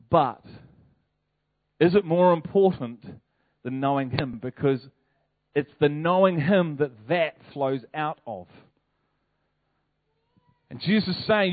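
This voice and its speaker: Male NZ pastor, conversational sermon, fairly high voice, dry and tinny phone-like audio. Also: no echo. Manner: animated, conversational preaching with rhetorical questions.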